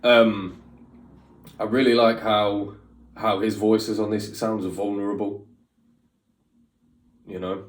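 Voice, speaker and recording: Low-voiced man rambling in an echoey room. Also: flat delivery, takes it slowly, pauses often. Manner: rambling, opinionated, many fillers. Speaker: reaction channel host. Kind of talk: casual reaction commentary. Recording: roomy echo, mic at a distance, faint music.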